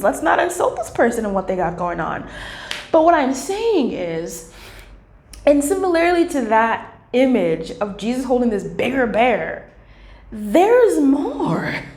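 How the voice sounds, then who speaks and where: Playful lady doing a tarot reading, kinda high voice, echoey room. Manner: animated, playful, swears casually, acts out little voices. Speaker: tarot reader. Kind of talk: casual pick-a-card tarot reading. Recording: echoey room with faint hiss.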